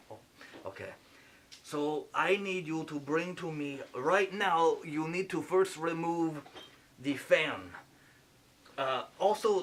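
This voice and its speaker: A man's voice: a little high, a bit bright. A man putting on a French accent, playing a mock surgeon and giving fussy, playful step-by-step instructions. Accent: put-on French accent. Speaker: mock surgeon fixing a computer. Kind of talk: joking home repair video.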